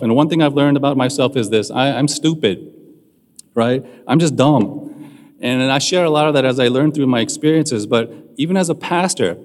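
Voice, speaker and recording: Pastor preaching in a reverberant hall. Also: male voice, a little high. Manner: conversational preaching, asks the audience questions. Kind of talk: sermon.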